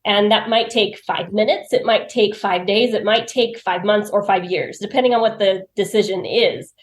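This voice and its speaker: A woman with a mid-range voice talks at normal speed as a podcast guest, sharing personal stories in conversation. She's chatty, laughs often and acts out what she told herself, and the recording has a roomy echo.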